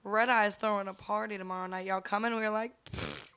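A woman's voice: mid-range voice, steady tone, fairly quick, bright, forceful tone, smooth. A woman co-hosting a podcast in casual chat, blunt and slangy, with plenty of swearing. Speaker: podcast co-host.

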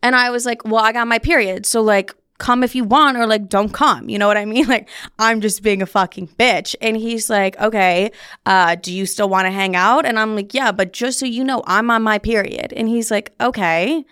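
Recorded dry with clean studio sound, a young woman's fairly high, smooth, bright voice moves at normal speed with fairly even intonation. She's hosting a podcast, casually recounting a personal story, chatty and profane, with "like" sprinkled everywhere.

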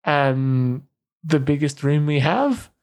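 A man's voice: fairly high pitch, animated, slow pace, a little mellow. Guy running a tabletop game, chill, lots of ums. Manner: casual, hesitant, plays the bartender. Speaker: game master.

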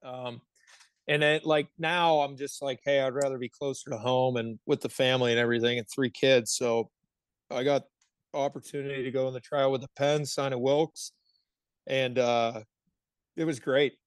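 A man in his thirties from the Pittsburgh area, a hockey player telling animated stories as a podcast guest, laughing often and swearing freely. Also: medium pitch, normal speed, clear, resonant tone, no room sound. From Pittsburgh area, United States. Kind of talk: casual podcast storytelling.

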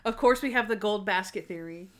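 A woman co-hosting a casual podcast chat, retelling scenes in an animated way, acting out quotes and laughing often. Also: mid-range voice, brisk, heavy background noise. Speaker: podcast co-host. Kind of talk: casual chat recapping a TV episode.

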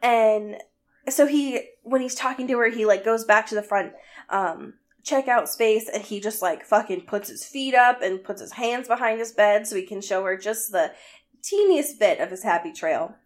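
A woman's voice: medium pitch, animated, normal speed. A young woman co-hosting a podcast, recapping a book in a casual, sarcastic way with lots of "um" and "like" and some swearing. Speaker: podcast co-host.

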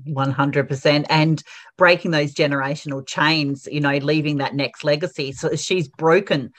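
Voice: medium pitch, steady tone, normal speed, fairly bright tone. Supportive host voice, encouraging and affirming the guest. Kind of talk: supportive interview talk.

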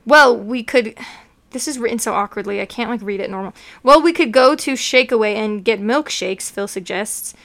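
Young female podcast co-host, a touch high-voiced, reads fanfic aloud, mocks it as she goes. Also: moderate pace, a bit bright. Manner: reads with mocking asides, often laughing.

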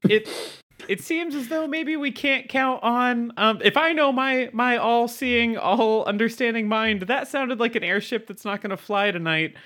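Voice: mid-range voice, a little slow, a bit bright. Rambling tabletop player. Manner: rambling, hesitant, with many fillers. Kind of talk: in-character tabletop play.

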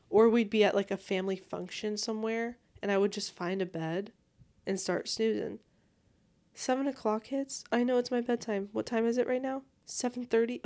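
A woman's voice: on the high side, normal speed, mellow. A young woman hosting a solo podcast, chatting in a bubbly, rambling and casual way while lying in bed at home. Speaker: podcast host.

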